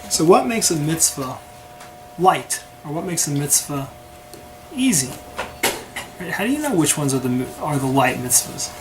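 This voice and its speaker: A man's voice: on the high side, moderate pace, long pauses. A man teaching a conversational Torah class who keeps checking in with his listeners by asking "right?". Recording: steady background noise.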